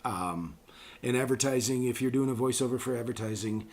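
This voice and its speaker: Male voice actor in a casual interview, medium pitch, rambling and chatty. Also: brisk, darkish tone. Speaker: voice actor guest.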